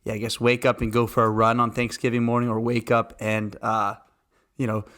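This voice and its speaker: A man's voice: mid-range voice, completely flat delivery, a little fast, a bit bright. A young man with a mid-range voice co-hosts a casual podcast. He asks curious follow-up questions and chuckles often as he listens. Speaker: podcast co-host.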